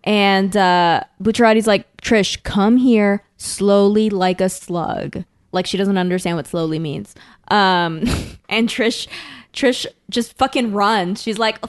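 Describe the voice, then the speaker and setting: A woman chats through a story recap at an ordinary pitch, jumping into the characters' voices as she goes. The sound is dry and close. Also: unhurried, no echo. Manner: animated retelling, acting out characters' lines with laughs. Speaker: podcast co-host recapping an episode. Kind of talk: casual chat.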